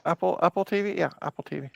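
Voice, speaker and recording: A woman's voice: on the low side, vocal fry, lo-fi sound, noisy background. A woman hosting a casual livestream, chatting with guests and laughing often. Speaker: host.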